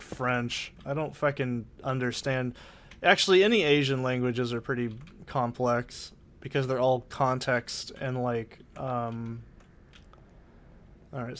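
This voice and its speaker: A Southern Oregon man, his accent rooted in the Pacific Northwest, hosts a let's play and rambles through casual gaming commentary, swearing freely and sharing strong opinions. His voice sits at medium pitch with a fairly bright tone. He records in a soundproofed corner of his home on a desk condenser mic fitted with a pop filter.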